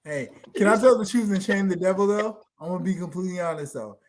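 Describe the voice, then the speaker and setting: A man's voice: high voice, fast, a little hiss or hum. A man hosting a casual podcast chat, talking emphatically and repeating himself for stress. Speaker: podcast host.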